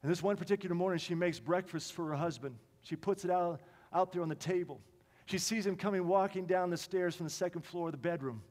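A man preaching a sermon with passion, swinging from emphatic lines to quiet ones. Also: sits high, fast. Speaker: pastor. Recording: long reverb of a large hall.

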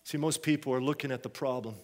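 A man preaching a sermon, telling a story with energy and moving from quiet asides to loud exhortation. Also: mid-range voice, fairly even intonation, fast. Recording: long hall reverb.

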